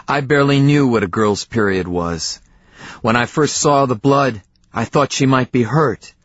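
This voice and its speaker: A man narrating a novel in the first person, measured, with dramatic pauses, in a dry, slightly dull audiobook recording. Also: mid-range voice, fairly bright tone, dry recording.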